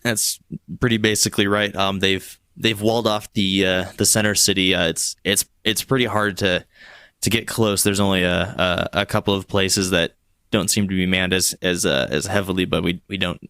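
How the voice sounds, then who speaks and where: A woman biker leader with a past, sheepish and guarded, as a man puts her on in a tabletop game. The voice sits very low, with dry, close sound. She halts and restarts often. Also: fairly even intonation, sharp tone, smooth, no echo. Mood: wary. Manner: hesitant, halting with many restarts.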